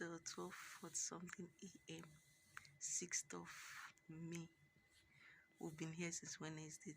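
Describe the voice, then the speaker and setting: A young woman vlogging from a hospital ward while in labour. She talks softly and often half-whispers, pausing through the pain. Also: sits low, noisy background. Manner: slow, soft-spoken, often half-whispered. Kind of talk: personal labour vlog.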